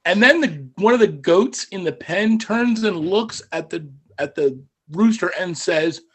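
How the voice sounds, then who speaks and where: Ein Mann als Spielleiter, eher hohe Stimme. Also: male voice, high voice, husky. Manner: relaxed, wry, with halting restarts. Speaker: game master. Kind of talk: narrating a tabletop game over voice chat.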